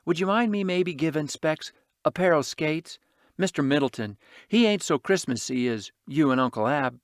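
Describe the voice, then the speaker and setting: An energetic little city orphan boy, his voice pitched high and bouncing all over the place, as a male narrator puts him on. He talks fast street slang and brags and scolds his pal. It is a dry, close storybook reading. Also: no echo, natural voice. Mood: eager, bossy. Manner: excited, slangy street talk.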